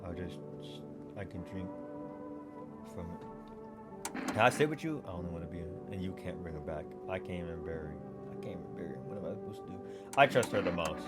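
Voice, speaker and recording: A young man giving excitable let's play commentary, swinging between yelling and mumbling. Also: sits low, fairly quick, loud music behind the voice. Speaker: gaming YouTuber.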